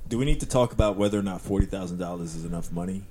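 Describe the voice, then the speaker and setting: A man's voice: low voice, rapid-fire, background noise. A man co-hosting a podcast, laid back, raising questions in casual chat. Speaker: podcast co-host.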